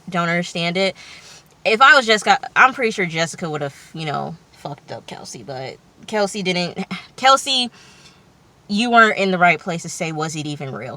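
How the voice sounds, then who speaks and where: Chatty woman vlogger, bright slangy voice. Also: on the low side. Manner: slangy and loose, swears freely, chatty asides. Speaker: TV recap vlogger. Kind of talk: casual episode recap.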